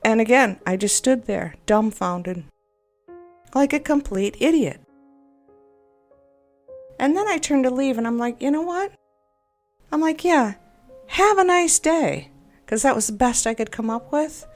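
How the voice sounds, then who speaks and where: Faint music plays behind a woman who vents in a rambling monologue, upset and exasperated, peppering her personal story with self-doubting asides. She's a game video creator, and her slightly high, darkish voice is animated yet a little slow, with frequent pauses.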